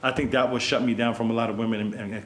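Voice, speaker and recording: A man's voice: medium pitch, steady tone, racing, fairly bright tone, reverberant, a little hiss or hum. A man hosting a casual podcast, telling stories animatedly and swearing freely. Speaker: podcast host. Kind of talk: casual storytelling chat.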